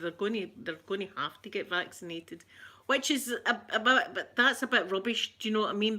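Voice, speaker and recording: A woman's voice: mid-range voice, pushed and bright. A middle-aged woman with a Glaswegian accent, chatting casually with viewers during a livestream, repeating her phrases and laughing often. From Scotland. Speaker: ASMR livestream host.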